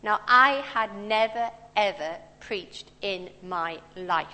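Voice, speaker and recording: A woman's voice: mid-range voice, takes it slowly, pushed and bright. A woman, preaching a sermon in a conversational, storytelling way. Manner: conversational, storytelling with personal anecdotes. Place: large church hall. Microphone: handheld or stand mic. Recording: long church reverb.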